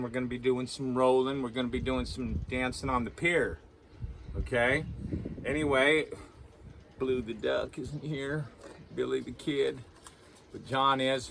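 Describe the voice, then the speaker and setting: Bright-voiced man rambling through a cooking demo. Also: mid-range voice, a little hiss or hum. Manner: rambling, tags sentences with "okay?". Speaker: cooking show host. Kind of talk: casual cooking demonstration. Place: aboard a small sailboat.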